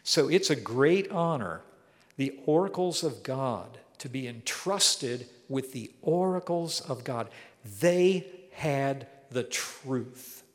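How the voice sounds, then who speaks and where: A man's voice: mid-range voice, expressive, takes it slowly. A man giving an earnest, emphatic verse-by-verse Bible lesson as a teacher. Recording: long hall reverb.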